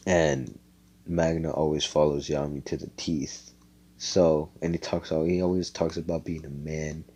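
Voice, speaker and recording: Deep-voiced young man rambling a fan story. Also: level tone, a little slow, mellow, low-quality recording. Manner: rambling, profane, self-correcting. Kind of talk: casual fan-fiction storytelling. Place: home, on a voice chat. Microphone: computer headset mic.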